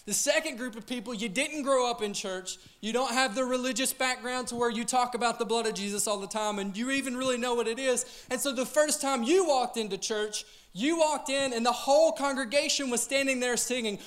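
High-voiced joking pastor. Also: male voice, a little fast, few pauses, a bit bright. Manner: self-deprecating, jokey, addresses crowd with "all right?". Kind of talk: humorous sermon storytelling. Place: church auditorium.

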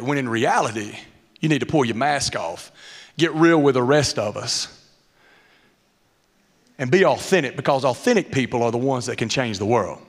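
A high-voiced pastor delivers a lively sermon from a church stage, slipping into mocking character voices as he goes. His words ring out with a long hall reverb around them. The delivery is playful and animated. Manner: animated, acts out mask characters with funny voices. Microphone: muffled through a mask.

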